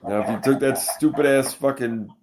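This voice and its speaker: A man's voice: medium pitch, moderate pace. A man co-hosting a podcast, trading crude, mocking banter in casual chat. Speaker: podcast co-host. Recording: noisy podcast audio.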